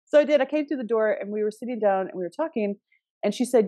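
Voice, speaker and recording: A woman's voice: mid-range voice, expressive, a little fast, pauses often, mellow, no echo, clean studio sound. A middle-aged woman hosting a casual astrology talk, chatty, restarting often and laughing now and then. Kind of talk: casual spoken advice.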